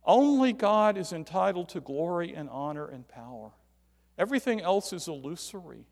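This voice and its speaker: A male preacher delivering a sermon in a fairly high, gravelly voice, swinging from loud stresses to near-quiet drops. His words ring out into a long hall reverb. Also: lively intonation, normal speed. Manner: emphatic, rises and drops sharply for stress.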